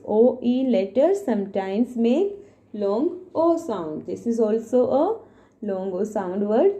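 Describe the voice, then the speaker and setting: A woman's voice: on the high side, warm tone. A woman teacher gives a phonics lesson to young children, spelling words out letter by letter and explaining patiently.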